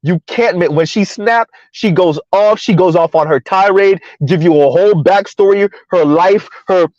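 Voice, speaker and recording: A man's voice: sits high, moderate pace, darkish tone, no room sound, dull audio. A man hosting a casual commentary show, talking in a blunt, sarcastic, rambling way.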